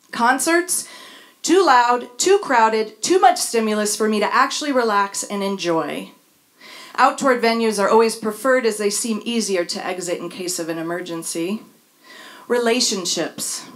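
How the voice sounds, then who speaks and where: A middle-aged woman reading a candid personal essay on stage, wry and dryly humorous. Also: a little high. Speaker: speaker sharing a personal story. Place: stage before a live audience.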